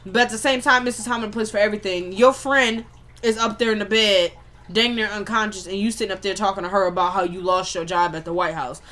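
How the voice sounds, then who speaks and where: A woman's voice: mid-range voice, steady tone, fast, a bit bright. A woman casually recapping a TV drama episode, retelling scenes and acting out the characters' lines in a chatty way. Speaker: TV recap vlogger.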